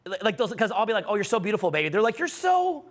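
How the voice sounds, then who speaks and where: A man's voice: sits high, rapid-fire. A middle-aged man giving an emphatic seminar talk to a room, with repeated phrases and many fillers. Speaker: dating coach speaking to a live audience.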